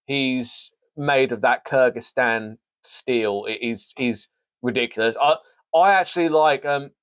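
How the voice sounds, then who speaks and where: A man's voice: medium pitch, unhurried, a bit bright, no room sound. A man hosting a sports show, casually previewing a fight card with jokey, rambling, self-mocking asides. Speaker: sports podcast host.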